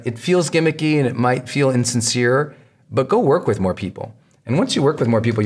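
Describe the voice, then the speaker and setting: A man hosting a podcast, giving a motivational marketing lesson in an energetic, emphatic way and repeating key phrases for effect. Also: medium pitch. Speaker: podcast host teaching marketing. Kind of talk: motivational teaching talk.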